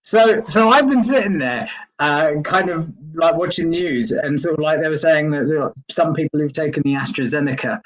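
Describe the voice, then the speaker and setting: This comedy show host, an East Londoner streaming live over a video call, keeps up jokey stand-up banter, stumbling and repeating his words. He speaks at normal speed in a slightly high, somewhat bright voice, and the recording is rough.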